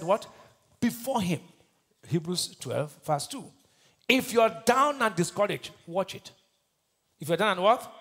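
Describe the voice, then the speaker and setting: A Nigerian pastor preaching a sermon, asking the congregation to finish his lines and swinging between shouted bursts and quiet asides. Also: on the high side. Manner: call-and-response preaching, asks the crowd to finish his lines.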